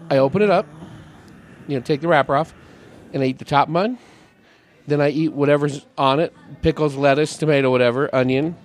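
A man hosting a podcast in a bar, chatting casually and rambling with frequent laughs. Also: a little high. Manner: rambling, self-deprecating, laughs often. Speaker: podcast host. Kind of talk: casual chat. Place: bar, indoors.

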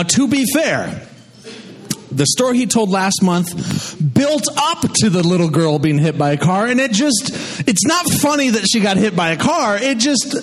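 A man hosting a live storytelling night, bantering in a joking, self-deprecating way between storytellers. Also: high-pitched. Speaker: host.

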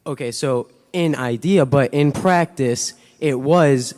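A man in the audience asking a question hesitantly, full of pauses, his voice partly gone. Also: medium pitch, a little mellow. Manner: hesitant, many fillers. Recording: reverberant hall mic.

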